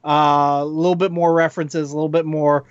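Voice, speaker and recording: A man co-hosting a casual chat podcast, talking in a measured way with many ums and likes. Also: fairly high pitch, flat delivery, clean tone, no room sound. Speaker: podcast co-host. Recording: dull lo-fi recording.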